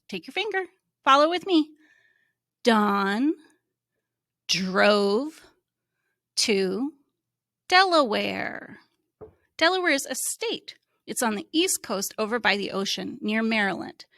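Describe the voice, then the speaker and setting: A woman who teaches reading, giving a slow, encouraging phonics lesson to young children and sounding out letters. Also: a little high, big pitch swings, sharp tone, no echo, studio quality.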